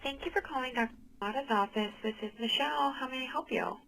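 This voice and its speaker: A woman working as an office receptionist, giving a quick scripted greeting as she answers the phone. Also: high-pitched, gravelly, a bit bright, a little hiss or hum, poor audio.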